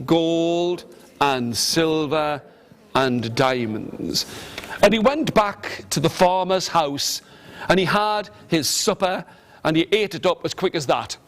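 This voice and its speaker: A man telling a fairy tale to children with animated, rhythmic repetition, coaxing his listeners to join in. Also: a little high, takes it slowly, slight background noise. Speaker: storyteller. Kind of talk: interactive storytelling to children.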